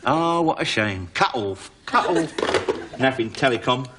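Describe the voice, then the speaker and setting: Bloke doing a cheeky burglar faking being a doctor, bouncy up-and-down voice, lots of hiss on the old tape. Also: male voice, medium pitch, expressive, measured pace, close to an everyday voice. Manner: chatty, bluffing, full of tag questions. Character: cheeky middle-aged male burglar bluffing as a doctor. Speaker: comic actor in a sketch. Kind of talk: television sketch comedy acting. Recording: noisy old TV recording.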